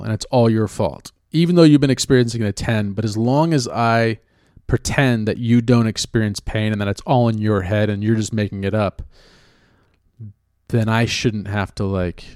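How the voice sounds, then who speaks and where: A low-voiced man from California, riffing sarcastically and swearing freely as he talks. His delivery rambles through false starts and filler. The sound is close and dry with no room around it. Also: a little mellow, no echo. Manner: sarcastic, profane, rambling with many restarts. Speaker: actor and writer. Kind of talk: casual chat.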